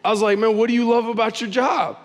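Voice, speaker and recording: High-voiced pastor preaching in a hall. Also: male voice, fast talker. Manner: conversational, animated storytelling. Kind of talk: sermon.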